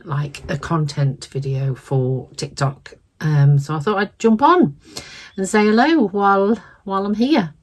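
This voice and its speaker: Woman with a croaky cold voice, a bit low, rambly and self-deprecating, chatting at home while she sews. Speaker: crafting channel host. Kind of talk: casual chat while crafting.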